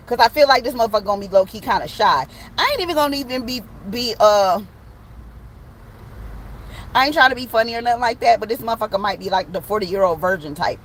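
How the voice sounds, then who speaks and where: A woman's voice: mid-range voice, fast talker, fairly bright tone, rough recording. Woman doing a tarot reading from her truck, cussing and joking around, faint engine noise behind. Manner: slangy, profane, joking, acts out little scenes. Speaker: tarot reader. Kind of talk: casual online tarot reading. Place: in a parked truck with the window open.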